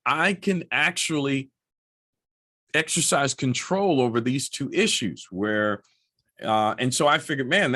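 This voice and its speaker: A man's voice: medium pitch, a bit bright. A middle-aged man talking casually to camera as a motorcycle vlogger, chatty and anecdotal with many asides.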